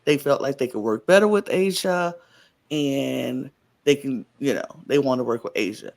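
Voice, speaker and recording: A man's voice: mid-range voice, normal speed, creaky. A man co-hosting a podcast, chatting casually in a recap and often stopping to restart his sentences. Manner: animated, stops and restarts often. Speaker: podcast co-host.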